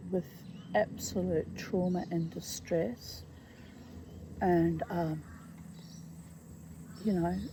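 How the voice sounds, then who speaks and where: A middle-aged woman reading aloud from her own memoir, reflective and halting, with frequent asides. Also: fairly low pitch, background noise. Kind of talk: personal storytelling read aloud.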